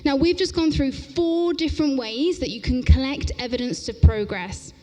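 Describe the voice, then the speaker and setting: A woman's voice: high-pitched, dark tone. Upbeat woman leading a conference workshop. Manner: brisk and upbeat, often checking in with "okay?". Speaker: teacher trainer presenting a workshop. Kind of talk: interactive conference workshop talk. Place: large lecture hall at a conference. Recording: echoey lecture hall.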